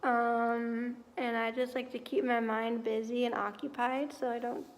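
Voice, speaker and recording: A woman's voice: a little high, flat delivery, measured pace. A tired young woman chatting casually at home in a rambling vlog, full of fillers. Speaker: vlogger.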